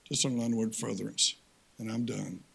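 An older man preaching a folksy sermon as guest speaker, swinging from loud, high-pitched exhortation to hushed, low appeals. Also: steady tone, brisk, gravelly, slightly rough.

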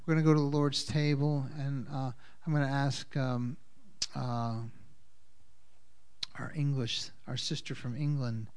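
Congregation leader, male, slow and halting delivery, clean resonant voice. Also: medium pitch, little pitch movement, darkish tone, clean tone. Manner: slow, unhurried, halting with fillers. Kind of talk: communion service talk with Hebrew blessings.

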